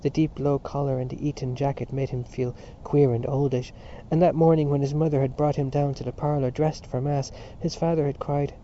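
A man narrating a novel as an audiobook in a measured, even manner, on a dull lo-fi recording. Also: medium pitch, a little hiss or hum.

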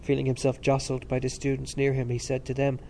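Audiobook narrator, man, mellow and measured. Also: mid-range voice, creaky. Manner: steady, measured reading. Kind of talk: scripted narration.

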